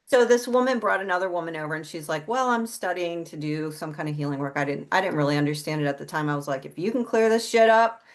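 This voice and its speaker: A middle-aged woman with a deep voice talks fast, barely pausing at all. As an interview guest and psychic-healer, she tells a personal story in a candid, casual manner full of free swearing.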